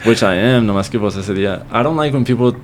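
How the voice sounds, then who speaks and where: A man's voice: fairly low pitch, fast talker, slight background noise. A young man talking as a podcast guest, telling a story in casual chat, swearing freely and dropping Spanish phrases into his English.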